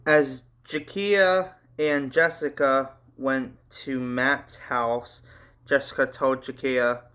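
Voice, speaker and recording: A man hosting his channel, reading a manga story aloud with casual, animated asides. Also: mid-range voice. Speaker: channel host, story reader.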